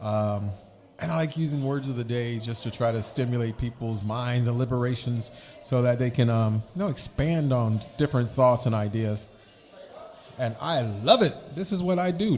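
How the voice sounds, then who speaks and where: A man of ordinary pitch co-hosts a loose podcast chat. He rambles from topic to topic, dropping rhymes into his talk as he goes. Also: moderate pace, darkish tone. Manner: rambling, rhyming wordplay. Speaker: podcast co-host. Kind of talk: casual chat.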